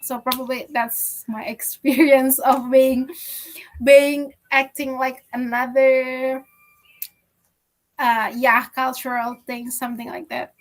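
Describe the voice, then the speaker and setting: A young woman from Indonesia telling a personal story in a class discussion, speaking haltingly with frequent restarts. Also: sits high, level tone. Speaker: student.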